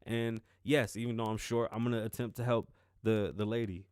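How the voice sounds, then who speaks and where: A man's voice: on the low side, flat delivery, brisk, a little mellow, clean tone, dry recording. A man from the Bronx with a Bronx New York accent, hosting a podcast in a loose, rambling monologue, laughing and swearing often, recorded close to the mic. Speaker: podcast host. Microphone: close-up microphone.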